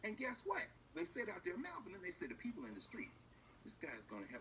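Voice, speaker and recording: A man giving animated political commentary, acting out officials in mocking voices with emphasis. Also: high voice, a little fast, gravelly, a little hiss or hum. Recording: distant mic with faint room ambience.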